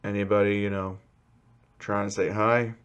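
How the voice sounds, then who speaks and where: A man voicing a grizzled older male hero who speaks to his nephew in a gruff but comforting way. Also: on the low side, level tone, moderate pace, muffled recording, lightly acted. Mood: gentle.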